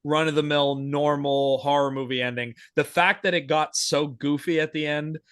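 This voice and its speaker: This young man's voice is fairly high and fairly bright, steady, clear and resonant, moving at normal speed. Co-hosting a podcast, he chats with casual enthusiasm, rambling with lots of fillers and restarts. Studio quality, no echo.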